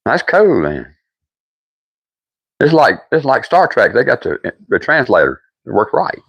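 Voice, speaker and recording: An older man with a Deep South accent, hosting a livestream and chatting casually with viewers in a folksy, rambling way. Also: very animated, a little slow, creaky, fairly bright tone, husky, no room sound. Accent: Deep South American. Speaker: livestream host.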